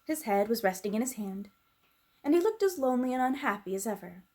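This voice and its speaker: A woman reading a children's storybook aloud as a storyteller, gentle and unhurried. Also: on the high side, animated.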